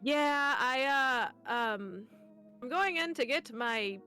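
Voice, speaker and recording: A woman's voice: sits high, lively intonation, slow pace, sharp tone, soft background music. A woman chatting playfully as a guest streamer, giggling often and making goofy noises. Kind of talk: casual stream chat.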